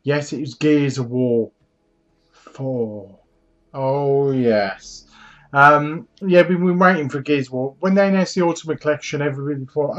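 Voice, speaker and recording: A man's voice: a little high, unhurried, fairly bright tone, muffled recording. A man hosting a gaming channel, casually recapping a trailer in a chatty, rambling way full of fillers.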